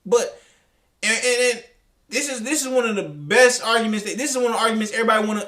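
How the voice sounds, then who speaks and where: A man's voice: extremely high pitch, fast, sharp tone. A man reacting to a clip, talking in a heated, profane, rambling way with many restarts. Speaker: commentary host. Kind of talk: reaction commentary.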